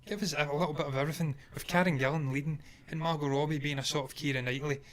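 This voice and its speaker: This co-host of a casual movie news show has a high-ish, steady, somewhat bright voice and talks at a racing speed. He's opinionated and emphatic, and he laughs easily.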